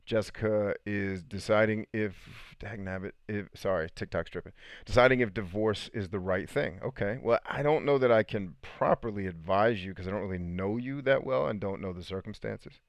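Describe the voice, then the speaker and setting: Brief: relaxed male host, storytelling, low voice, dry close sound. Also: normal speed, no room sound. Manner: laid-back, storytelling, reading viewer comments aloud. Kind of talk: casual live stream chat.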